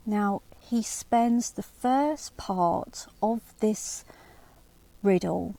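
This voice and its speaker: A woman's voice: medium pitch, drawn-out words, creaky, dark tone, dry recording. A woman hosting a lecture on early medieval riddles, explaining at length with restarts and rhetorical asides, and reading verse aloud. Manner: reads quoted verse aloud. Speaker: channel host.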